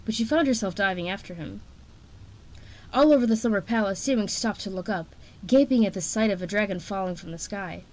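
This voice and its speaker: A woman reading a children's fantasy novel aloud in steady, expressive narration. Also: medium pitch, a little fast. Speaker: audiobook reader.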